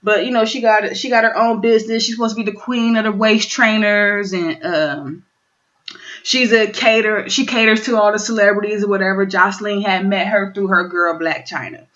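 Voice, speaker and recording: A woman's voice: mid-range voice, steady tone, moderate pace, fairly bright tone, muffled recording. A woman giving a casual, profane recap of a reality show, bluntly acting out the cast's lines. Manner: blunt, profane, dramatic quoting of cast members.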